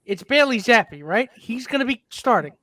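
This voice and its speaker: A man's voice: extremely high pitch, big pitch swings, moderate pace, a bit bright, no room sound. A man co-hosting a podcast who talks loosely and jokingly, swearing casually as he makes his picks. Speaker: podcast co-host. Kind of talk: casual sports chat.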